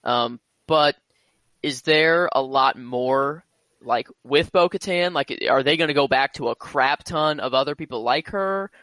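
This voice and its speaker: A man's voice: mid-range voice, unhurried, a bit bright, no room sound. A man joining a podcast as a guest over a video call, chatting casually and animatedly with slang. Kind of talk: casual chat.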